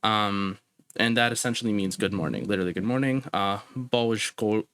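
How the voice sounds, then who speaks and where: A young man teaching a made-up language in a casual, halting way, full of ums and uhs, slowing right down to sound out each phrase. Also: on the low side, fairly bright tone, clear, resonant tone. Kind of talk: casual recorded language lesson.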